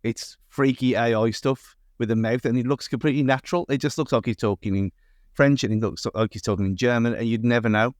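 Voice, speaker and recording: A man's voice: medium pitch, fairly even intonation, fairly quick, dry recording, studio quality. Rambling English man on a podcast. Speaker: podcast co-host. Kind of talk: casual chat.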